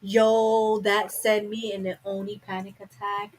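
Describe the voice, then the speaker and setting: A young woman hosts a relaxed livestream from her home. She talks openly and rambles on at an ordinary mid pitch, as if she were catching up with a friend. She is recorded on a simple webcam-style mic. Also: unhurried, low-quality recording. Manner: candid, rambling, talks to herself. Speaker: live stream host. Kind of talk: casual chat to viewers.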